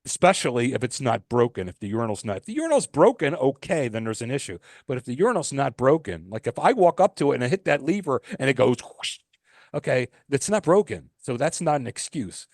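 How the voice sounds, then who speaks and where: A man's voice: medium pitch, very animated, fast, few pauses, darkish tone, no echo, clean studio sound. A man co-hosting a podcast, talking in an emphatic, ranting way with many restarts. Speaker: podcast co-host. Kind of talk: casual podcast chat.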